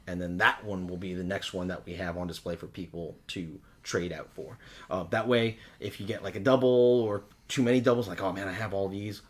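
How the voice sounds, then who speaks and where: Enthusiastic low-voiced man co-hosting. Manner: enthusiastic, laughs often, loses his words. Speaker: co-host of a game shop show. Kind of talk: casual product chat. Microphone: livestream.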